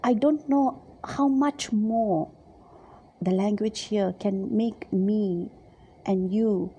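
A woman giving a devotional Bible reflection, speaking gently and haltingly, repeating her words and dropping now and then to a soft whisper. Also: medium pitch, husky. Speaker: Bible teacher.

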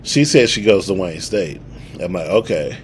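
A man's voice: low voice, normal speed, a little hiss or hum. A young man in his twenties co-hosting a podcast, telling a story in casual, profane chat and acting out what people said. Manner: animated, profane, acts out quoted dialogue. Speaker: podcast co-host.

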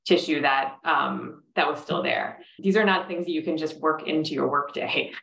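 A woman in her thirties, a podcast guest, talking candidly and reflectively with halting restarts. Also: low-pitched, gravelly, a bit bright, reverberant, poor audio. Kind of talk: candid conversation.

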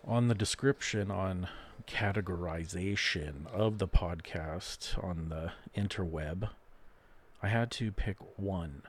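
Against slight background noise, a low-voiced man hosts a podcast alone, rambling, cursing freely and venting his frustration. He poses questions to himself and raises his voice when quoting imaginary people in this casual monologue.

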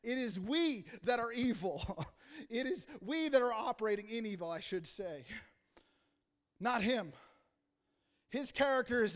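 A man preaching a passionate sermon as pastor, rising to loud emphasis and dropping to quiet asides. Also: very high voice, animated, unhurried, pauses often. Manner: impassioned preaching, rising and falling in volume. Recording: reverberant hall.

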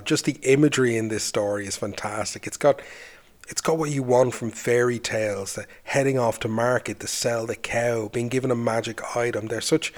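A man hosting a podcast, narrating a folk tale and then chatting reflectively about it. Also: lowish voice. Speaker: folklore podcast host. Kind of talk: storytelling narration.

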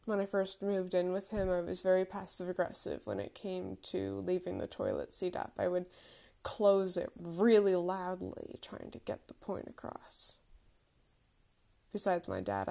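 A woman's voice: lowish voice, flat delivery, normal speed, vocal fry, dark tone. A woman in her thirties telling a candid, reflective personal story with self-deprecating humour.

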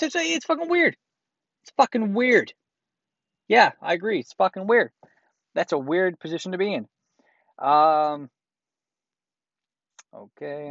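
Sarcastic, foul-mouthed man, slightly high voice. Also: no room sound, highs cut off. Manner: crude, profane, sarcastic commentary. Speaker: host reading a listener's letter. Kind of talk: reading aloud and commenting.

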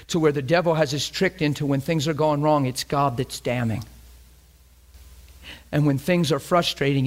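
A man preaching a sermon with a somewhat high voice. He talks with passion and throws direct questions to his congregation. His delivery swings from loud emphasis to hushed, almost whispered lines.

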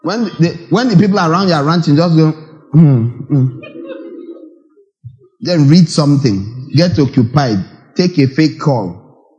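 A man preaching a sermon, animated, with rhetorical questions and acted asides. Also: a little high, normal speed, lo-fi sound.

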